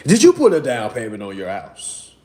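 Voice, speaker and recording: Animated man lecturing on a livestream. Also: medium pitch, normal speed, reverberant, slight background noise. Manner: preachy, repetitive, calls viewers "family" and "y'all". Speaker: livestream host teaching a finance class.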